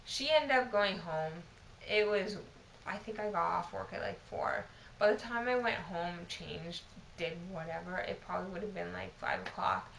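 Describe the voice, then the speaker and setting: A tipsy woman in her twenties tells a profane, exasperated storytime straight to camera. Her voice is full of vocal fry. The room is echoey, with a faint hiss underneath. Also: on the low side, moderate pace, fairly bright tone. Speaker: vlogger. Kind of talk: casual storytime monologue.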